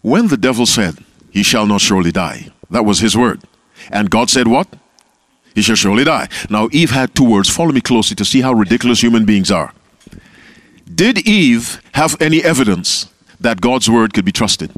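Pastor, male, low register, dry close mic, call-and-response preaching style. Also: animated, normal speed, dry recording. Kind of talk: sermon. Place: camp meeting talk.

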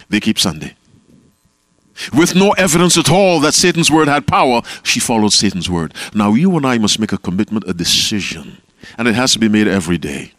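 Low-voiced preacher quizzing his congregation. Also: no echo. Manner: call-and-response preaching, questioning the audience. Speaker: pastor. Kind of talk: sermon. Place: camp meeting talk.

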